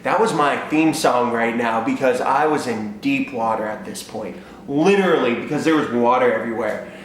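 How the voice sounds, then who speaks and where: A young man vlogger telling a comic personal story in an animated, self-mocking way, acting out scenes, recorded in a very echoey room. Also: medium pitch, normal speed. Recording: very echoey room, faint noise.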